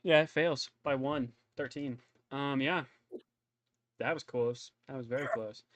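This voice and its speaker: Relaxed man running a tabletop game. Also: mid-range voice, a little slow, no echo. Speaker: game master.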